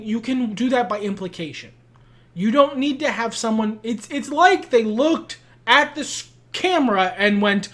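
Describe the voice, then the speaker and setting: A woman's voice: fairly high pitch, expressive, takes it slowly, long pauses. A woman co-hosting a podcast, ranting emphatically about a film in casual chat and swearing freely. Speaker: podcast co-host.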